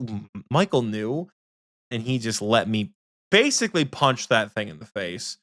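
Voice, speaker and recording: A young man co-hosting a casual gaming podcast, telling lively stories, swearing freely and mimicking his friend. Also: on the low side, a little slow, no room sound, clean studio sound. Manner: animated storytelling, swearing, mimics friends in quotes. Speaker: podcast co-host.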